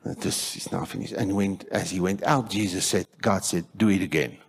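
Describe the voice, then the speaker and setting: A South African man preaching a sermon in church, telling stories with animated acted-out voices and shouting for emphasis. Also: low voice, normal speed, a crowd in the background. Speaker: pastor.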